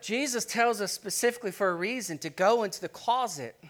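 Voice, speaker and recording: Bright-voiced pastor preaching with rising fervor. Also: male voice, sits high, a little fast. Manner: playful, rising to shouted preaching. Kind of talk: sermon with acted skit. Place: church sanctuary.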